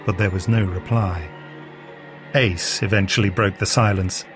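A man narrating an audio story in a steady, measured way. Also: low-pitched, music in the background.

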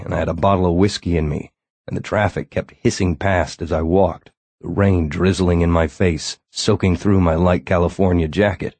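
Brooding male narrator for a first-person novel, deep voice, dry close sound. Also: darkish tone, no room sound. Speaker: audiobook narrator.

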